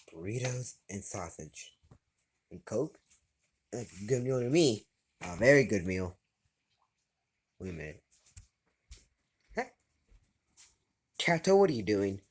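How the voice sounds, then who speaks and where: A man grumbling in deadpan asides in a comedic skit with his pet. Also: lowish voice, slow pace, long pauses, a little hiss or hum. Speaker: pet owner.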